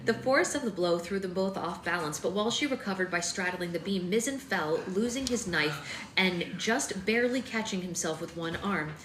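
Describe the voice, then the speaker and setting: Reading a novel aloud on a live stream, this book club host keeps a steady rhythm and drops in chatty side comments. She speaks at normal speed in a lowish voice with lively intonation. There's room echo and a faint hum of noise.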